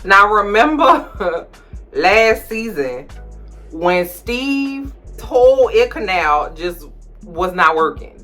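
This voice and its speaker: A woman hosting a casual recap of a TV show. She talks with sass and laughter and breaks into loud outbursts. Her voice is bright over faint music. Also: on the low side.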